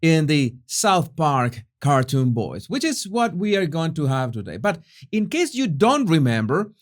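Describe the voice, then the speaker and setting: A man hosting a commentary vlog, animated and chatty, with frequent fillers and restarts. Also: fairly high pitch, unhurried. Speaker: host.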